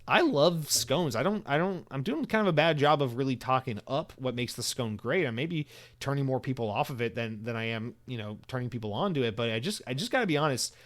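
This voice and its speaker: A young American man hosts a podcast on his own and rambles through it in a loose, chatty way. He swears freely and keeps restarting his sentences. His voice sits at an ordinary middle pitch. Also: lively intonation, a little fast, fairly bright tone. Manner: rambling, profane, lots of restarts and "like". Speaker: podcast host. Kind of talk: casual solo podcast monologue.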